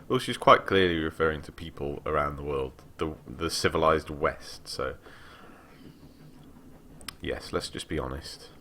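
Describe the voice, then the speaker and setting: A young man giving casual commentary while playing a story game, animated with wry asides. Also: very deep voice, a little slow, slight background noise. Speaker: let's player.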